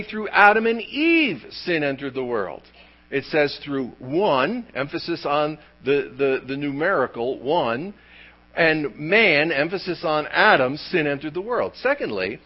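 A man preaches with emphatic, animated delivery, piling up rhetorical questions. His voice sits somewhat high and swings widely in pitch. The recording is dull and lo-fi. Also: moderate pace. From United States. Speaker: pastor. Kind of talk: sermon.

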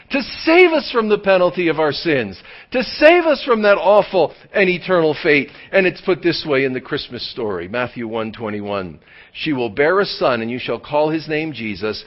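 A man preaching a sermon as pastor, swinging from loud emphatic lines to hushed near-whispers and drawing key words out slowly. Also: medium pitch, big pitch swings. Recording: dull lo-fi sound.

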